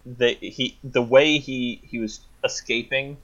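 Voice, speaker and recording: Man, casual podcast chat, thoughtful plot retelling, mid-pitched, muffled lo-fi recording. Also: steady tone, slow pace, a bit bright.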